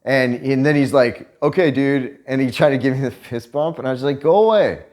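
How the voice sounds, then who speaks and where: A man vlogger telling stories in a casual chat, profane and animated, laughing as he tells them. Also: medium pitch, fairly quick.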